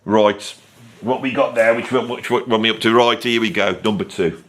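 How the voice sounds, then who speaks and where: A man's voice: lowish voice, fairly even intonation, normal speed, fairly bright tone, natural voice. A man performing a brash, boastful male character with a Birmingham accent, ranting about rock stars in a comedic monologue and swearing constantly. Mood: mocking. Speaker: comic character host.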